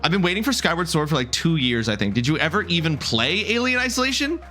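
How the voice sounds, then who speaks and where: A man's voice: a little high, sing-song, fast talker, bright, forceful tone, faint music behind. A young adult man live-streaming a game, chatting casually with his viewers, greeting them by name and joking as he trails off mid-sentence.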